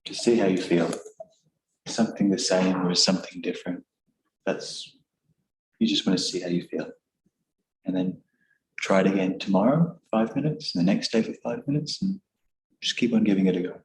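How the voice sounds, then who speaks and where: A man guiding a meditation session, giving calm, gentle instructions in an echoing room. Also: deep voice, normal speed, gravelly, long pauses, a little hiss or hum. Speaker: meditation guide. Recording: echoey room.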